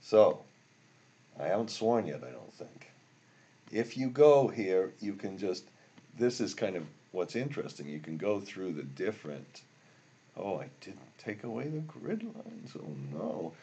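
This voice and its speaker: An older man teaching a software tutorial while recording his screen, rambling and grumbling about bugs as he works. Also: sits low, sing-song, a little slow, breathy edge, dull audio. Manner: rambling, easily frustrated, grumbling asides. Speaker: instructor.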